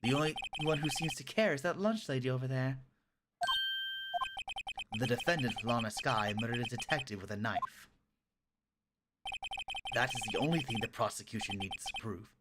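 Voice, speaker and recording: A woman voicing a cold, haughty young male prosecutor in a condescending, clipped manner, over loud game music. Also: very deep voice, normal speed, pauses often, very noisy, voice pushed down. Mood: scornful.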